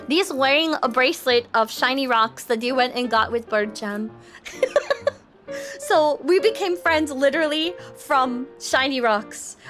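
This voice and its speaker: Woman, livestream host, high voice, giggly, casual chat, faint background music. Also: fairly bright tone. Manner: refers to herself in third person; giggly, bubbly storytelling.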